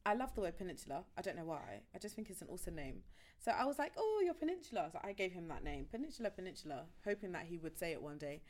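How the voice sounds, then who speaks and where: A woman's voice: fairly low pitch, rapid-fire. A woman co-hosting a podcast, telling stories in casual chat and laughing often. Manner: laughing, animated storytelling. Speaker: podcast co-host.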